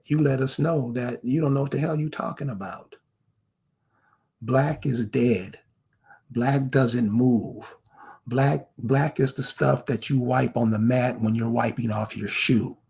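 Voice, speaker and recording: This man's gravelly, slightly rough voice sits at a medium pitch, a little mellow and a little slow. He's an online commentator ranting to camera, confronting the viewer with pointed rhetorical questions.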